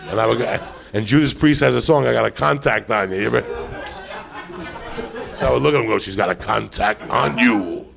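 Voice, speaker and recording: A man hosting a live podcast, telling rowdy, profane stories in a loud, animated way. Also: medium pitch, fast talker, creaky, long pauses, some chatter behind. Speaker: podcast host.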